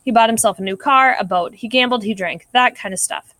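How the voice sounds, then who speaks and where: A woman's voice: fairly high pitch, a little fast, bright, forceful tone, no room sound. A woman voicing a dutiful male clerk of a heavenly court, reporting sins in a matter-of-fact way in a read-aloud story.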